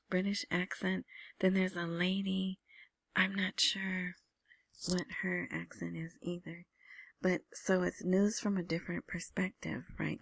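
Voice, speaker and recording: A woman hosting her own vlog, giving casual screen-share commentary on news in a soft, half-whispered way, with many ums and restarts. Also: on the low side, gravelly, no echo. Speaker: vlogger commenting on Iraqi news and currency.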